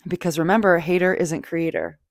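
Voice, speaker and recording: Woman host riffing on a self-help podcast, lowish voice, swears a lot, dry close sound. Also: fairly quick, no room sound. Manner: animated, swearing, playful, acts out quoted feelings. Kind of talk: casual motivational monologue.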